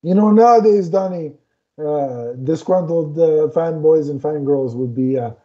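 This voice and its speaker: A man's voice: fairly high pitch, unhurried. Man retelling film scenes, lo-fi. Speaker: podcast co-host. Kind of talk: casual chat. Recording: dull lo-fi audio.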